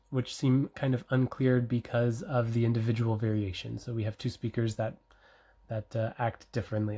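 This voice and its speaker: A researcher presents a study at a conference, mid-pitched and even-toned. The delivery is explanatory, with frequent ums, uhs and self-corrections.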